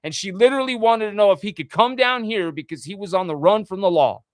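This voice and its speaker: A man's voice: high-pitched, fast talker, dry recording, studio quality. A man hosting a livestream, reading out text messages and ranting indignantly with frequent swearing. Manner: indignant, profane, reads texts aloud. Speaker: livestream host. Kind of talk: casual livestream rant.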